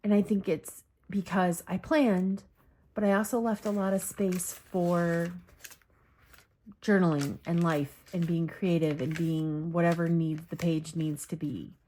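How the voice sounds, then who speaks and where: Her voice lowish and dark, a Michigan woman vlogs unhurriedly about her journals with fairly even intonation, rambling, correcting herself, and using many fillers. She's on the verge of tears, and a little hiss or hum sits under the recording.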